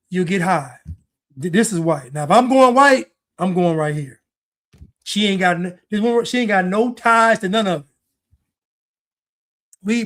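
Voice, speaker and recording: A man streaming casual reaction commentary on video clips, animated and repetitive, jumping up in pitch for emphasis.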